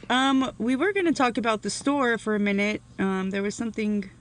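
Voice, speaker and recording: A woman's voice: a little high, brisk, slight background noise. A woman co-hosting a podcast in an easygoing casual chat, laughing often. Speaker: podcast co-host.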